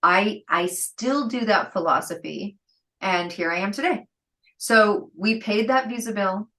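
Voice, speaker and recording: A middle-aged woman, a guest entrepreneur, telling stories in an interview, lively and laughing, acting out the people she quotes. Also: mid-range voice, measured pace, low-quality recording. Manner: lively, acts out quoted dialogue, laughs often. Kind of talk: storytelling interview talk.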